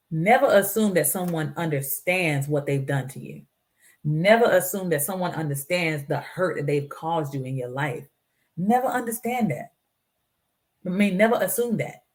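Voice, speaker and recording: A woman hosting her own show, giving earnest, preachy life advice and acting out the voices of people she quotes. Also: lowish voice. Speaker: show host. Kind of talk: motivational talk.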